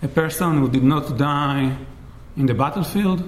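A man giving an academic lecture in a measured way, often checking in with "right?". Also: on the high side. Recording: roomy echo.

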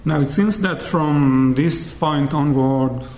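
A man giving an academic lecture in a measured way, often checking in with "right?". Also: a little high, darkish tone. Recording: roomy echo.

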